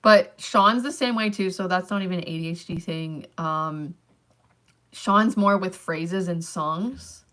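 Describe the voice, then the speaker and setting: A woman's voice: on the low side, unhurried, a bit bright. A young woman chatting casually on her own channel, rambling with lots of fillers like "um" and "like". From Canada. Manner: rambling, filler-heavy talk with many likes and ums. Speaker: channel host. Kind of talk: casual livestream chat.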